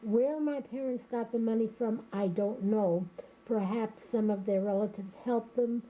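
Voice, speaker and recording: An older woman from Germany, recounting her memories in a reflective, unhurried oral history interview. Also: a little high, mellow, poor audio.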